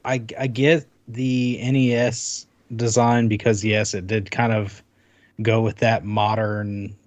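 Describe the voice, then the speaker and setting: A man's voice: on the low side, flat delivery, takes it slowly, darkish tone, dry recording, muffled recording. A man co-hosting a podcast in casual chat, rambling with many restarts. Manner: rambling, full of restarts while showing off a console. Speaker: podcast co-host.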